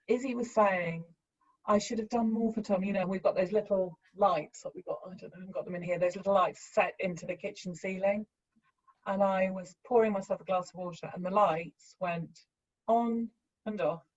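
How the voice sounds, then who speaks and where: A woman earnestly recounting a personal story, halting and acting out the lines of the people she quotes. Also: mid-range voice, dull audio. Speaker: bereaved mother sharing her story.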